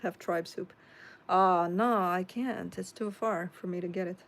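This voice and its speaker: A woman's voice: on the low side, fairly even intonation, a little slow, vocal fry. A woman with a Chicago accent hosting a tarot live stream, reading viewer comments aloud and chatting back casually.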